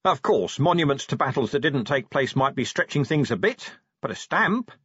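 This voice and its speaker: A man's voice: medium pitch, expressive, moderate pace, a bit bright, breathy edge, dry recording, muffled recording, pitched above the performer's own voice. A man reading an audiobook, voicing a weary, battered male city watch commander who is drowsy and giddy with exhaustion.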